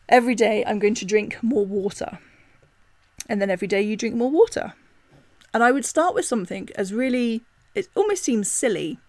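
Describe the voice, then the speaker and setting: A woman's voice: mid-range voice, no room sound. A woman hosting a spiritual self-help podcast, talking casually and reflectively with many asides and self-corrections. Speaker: podcast host.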